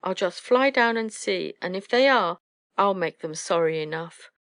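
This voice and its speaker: A woman voicing a fussy, anxious mother owl who scolds in a high, shrill voice. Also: lively intonation, moderate pace, a bit bright, no room sound. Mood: scolding.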